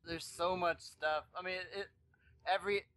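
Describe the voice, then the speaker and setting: A man in casual podcast chat, chiming in with quick joking remarks. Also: high voice, steady tone, a bit bright, clean tone, no room sound.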